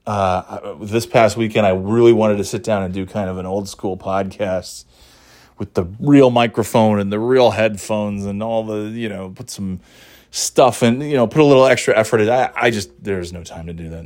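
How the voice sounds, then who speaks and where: A man's voice: fairly low pitch, normal speed, a little mellow. A middle-aged man hosting his own podcast, talking in a rambling, casual way, swearing freely and laughing at himself. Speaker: podcast host. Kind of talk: casual solo podcast monologue.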